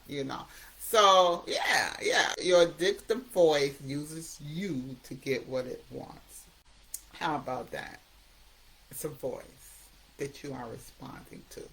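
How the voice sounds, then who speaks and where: A woman's voice: low voice, a bit bright, slightly rough, low-quality recording. A woman hosting a recovery talk, speaking emphatically and conversationally, often repeating herself for effect. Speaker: recovery coach host.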